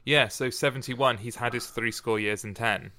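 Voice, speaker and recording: A man's voice: mid-range voice, steady tone, sharp tone. An English man who hosts a podcast, reading a sonnet aloud and then bantering playfully with a guest. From Britain. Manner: playful, teasing, quick asides. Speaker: podcast host and reader.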